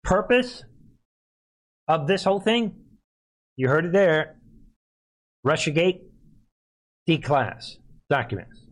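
A man delivering a political commentary monologue as a show host, his voice sitting a little high. He talks emphatically and leans on rhetorical questions. His pitch jumps up sharply on key words. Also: sing-song, takes it slowly, pauses often.

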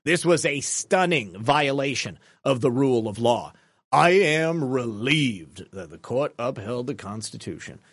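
A man putting on a Southern accent to voice an older male judge, a cigar-smoking gentleman, reading slowly and formally. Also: medium pitch, lively intonation, breathy edge, no room sound, full character voice. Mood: stern. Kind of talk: put-on voice reading a court ruling aloud.

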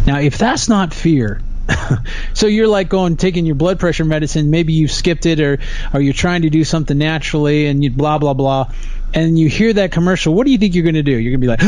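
A man in a casual podcast conversation, ranting with indignation and mocking others in quick quoted asides. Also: a little high, a little mellow, slight background noise.

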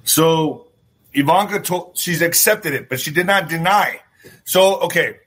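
A man with a bright, brassy voice and a husky edge ranting on a livestream. He is middle-aged, profane and animated, and he talks straight to his viewers as he acts out little scenes in voices. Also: on the high side, measured pace. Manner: talks to viewers directly, asks for thumbs up. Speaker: political commentary host. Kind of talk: livestream political rant.

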